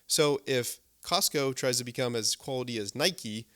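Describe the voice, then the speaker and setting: A man in his thirties hosts a casual business podcast, full of eager energy. He keeps checking in with a quick "right?" and repeats words as he builds his point. His pitch sits right in the middle. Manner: enthusiastic, repeats words, many "right?" tags. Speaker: podcast host. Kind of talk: casual interview chat.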